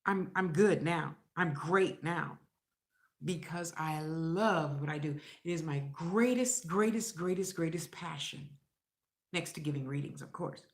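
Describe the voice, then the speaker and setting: A woman's voice: deep voice, a little slow. A middle-aged woman talking straight to camera in a blunt, rambling way, cursing freely and acting out other people's lines. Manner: blunt, profane, rambling and animated. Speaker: vlogger. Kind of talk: casual vlog monologue. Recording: echoey room.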